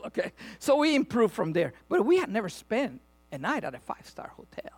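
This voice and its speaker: A man's voice: high-pitched, a little fast, breathy edge. A middle-aged man preaching a sermon, telling a funny personal story and acting out the people in it before turning to his message. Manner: animated storyteller, laughs often, acts out voices. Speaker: pastor. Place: church or venue with audience, also filmed.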